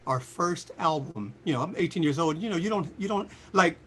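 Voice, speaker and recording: Animated older man telling stories. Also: fairly quick, a little hiss or hum. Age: 60s. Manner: lively storyteller, voices quotes with big pitch jumps. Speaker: singer and guest. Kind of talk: animated storytelling interview.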